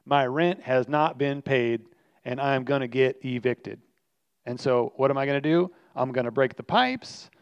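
A preacher voicing an evil spirit as a spiteful, destructive renter about to be evicted, gloating and scheming. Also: male voice, medium pitch, a little slow, clean tone, no echo, lo-fi sound, lightly acted.

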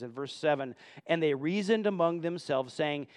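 A man's voice: a little high, lively intonation, moderate pace. A man reading scripture aloud and explaining it in a Bible teaching, often stumbling and repeating words when he speaks off the cuff.

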